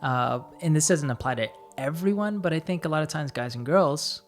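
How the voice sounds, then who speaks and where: A man co-hosting a relaxed conversation with his partner. He thinks aloud, halting and restarting with plenty of fillers. Soft music plays faintly underneath. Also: on the high side. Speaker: co-host. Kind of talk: casual couple chat.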